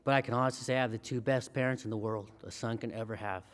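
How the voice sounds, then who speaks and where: A man's voice: mid-range voice, fairly even intonation, racing, in a large hall. Man giving an emotional acceptance speech. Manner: heartfelt, emotional thanks. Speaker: hall of fame inductee.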